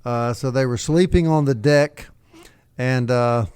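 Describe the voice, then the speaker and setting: A man's voice: medium pitch, darkish tone, clear, resonant tone, no room sound. A middle-aged man with a Southern accent from Mississippi, co-hosting a casual radio talk show and telling folksy stories with long asides. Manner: folksy storytelling, drawn-out asides. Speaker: radio co-host. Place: radio studio. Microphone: studio mic.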